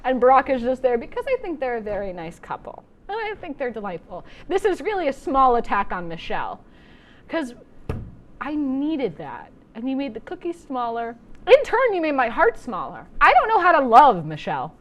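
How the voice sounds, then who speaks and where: A woman's voice: sits high, wildly swooping pitch, normal speed, slight background noise. A young adult woman hosting a comedy show, delivering a playful, exaggerated monologue.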